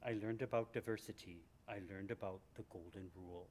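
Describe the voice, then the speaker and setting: A man's voice: fairly low pitch, steady tone, brisk, a little mellow, slight background noise, natural voice. A man doing an earnest Minnesota politician. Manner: earnest, heartfelt. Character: male state senator, earnest, Minnesota-accented.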